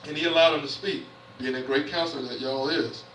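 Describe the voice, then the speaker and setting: Forceful preacher heard far off in a roomy church. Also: male voice, fairly high pitch, fairly even intonation, a little fast, a little hiss or hum. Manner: reads scripture aloud then paraphrases it conversationally. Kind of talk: sermon. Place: church sanctuary. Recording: roomy church audio picked up from afar.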